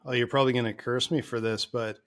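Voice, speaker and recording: A man's voice: medium pitch, fairly even intonation, fast talker, a bit bright. Rambling man co-hosting a podcast. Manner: rambling, full of restarts and likes. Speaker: podcast co-host. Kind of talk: casual podcast chat.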